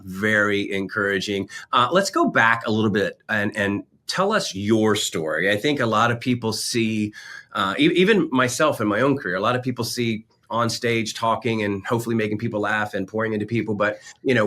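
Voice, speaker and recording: A man's voice: on the low side, bright, forceful tone. A man hosting a podcast, asking rambling, hesitant questions in a casual interview. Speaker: podcast host.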